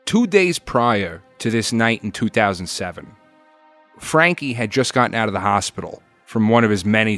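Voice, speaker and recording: A man in his thirties telling a personal story in a conversational way, often dropping low and soft at the ends of phrases. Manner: conversational, drops to a low aside at line ends.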